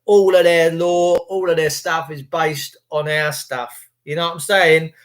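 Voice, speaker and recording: A man's voice: fairly high pitch, flat delivery, unhurried. An English man hosting a livestream, reading out chat comments in a crude, jokey, rambling way. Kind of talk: rambling casual monologue.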